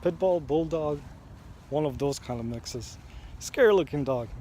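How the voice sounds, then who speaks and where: A man telling a personal story in a slow, reflective vlog, recorded outdoors near a street. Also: a little high, expressive, mellow, slight background noise. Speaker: vlogger.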